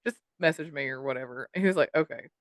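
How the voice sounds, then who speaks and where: On a podcast she co-hosts, a woman tells a story in casual chat, swearing and mimicking the people she quotes. Her voice is low-pitched and fast, recorded in a clean studio with no echo.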